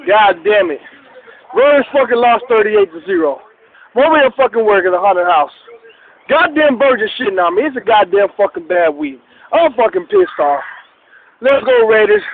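High gravelly guy from dallas yelling into the phone, pitch jumping all over. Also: phone-quality sound, a little hiss or hum. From Dallas, Texas. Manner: angry, swearing, gravelly. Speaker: caller. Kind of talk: call-in rant.

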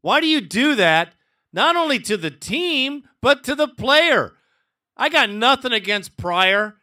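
Bright, high-voiced fired-up male host. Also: very animated, unhurried. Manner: blunt, fired-up, profane. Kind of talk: sports call-in radio hosting.

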